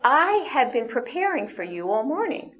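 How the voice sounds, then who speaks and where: A woman voicing an eager, doting hostess who softly insists on serving her guest, in a slightly muffled recording. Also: high voice, sing-song, moderate pace, pitched above the performer's own voice. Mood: insistent hostess.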